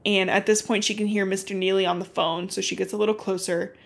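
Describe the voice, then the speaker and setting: Young woman co-host, casual, animated recap, lots of fillers. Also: mid-range voice, fast, creaky. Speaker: podcast co-host. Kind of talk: casual book recap chat.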